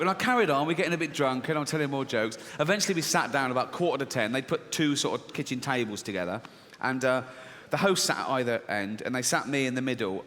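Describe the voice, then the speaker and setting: A man's voice: medium pitch, fairly bright tone, a little hiss or hum. A middle-aged man doing stand-up, telling anecdotes and acting out the other people's voices, often breaking into laughter at his own punchlines. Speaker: stand-up comedian. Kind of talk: stand-up storytelling.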